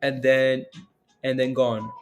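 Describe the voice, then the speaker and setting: A man's voice: mid-range voice, level tone, slow, faint music behind. Chatty man hosting a crypto livestream. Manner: chatty, laughs often, rhetorical "right?". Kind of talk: casual chat reading live comments.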